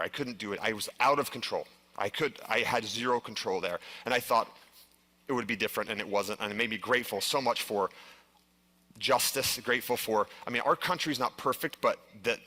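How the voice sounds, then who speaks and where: A man's voice: on the low side, bright, forceful tone. A middle-aged man speaking earnestly to a live audience, telling a personal story with frequent restarts and filler words. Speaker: conference speaker. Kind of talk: live stage presentation.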